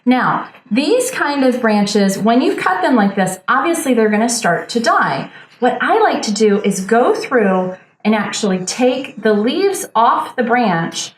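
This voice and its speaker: A woman's voice: on the high side, reverberant. A woman hosting a lifestyle show, giving an upbeat, casual how-to demonstration while she works with her hands. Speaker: show host demonstrating a planter DIY.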